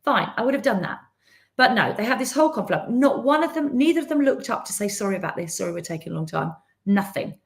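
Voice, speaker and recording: Woman, middle-aged, coaching-style live talk. Lively storytelling, voices the people she quotes. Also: medium pitch, quick pace. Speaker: business coach. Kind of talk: live-streamed business talk.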